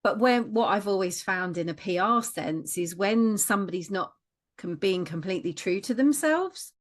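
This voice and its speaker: A woman's voice: mid-range voice, lively intonation, normal speed. A woman hosting a podcast, chatting casually and chiming in with short agreements. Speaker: podcast host.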